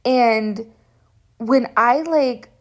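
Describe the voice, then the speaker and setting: A woman's voice: on the high side, drawn-out words. A young woman giving upset, impassioned commentary to camera, rambling and restarting as she talks. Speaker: vlogger.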